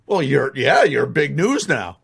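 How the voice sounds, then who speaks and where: A man co-hosting a casual podcast adds short, dry quips. His voice is gravelly and swings widely in pitch. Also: big pitch swings, a little slow, fairly bright tone, slight background noise. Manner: short dry reactions and jokes. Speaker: podcast co-host. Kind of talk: casual chat.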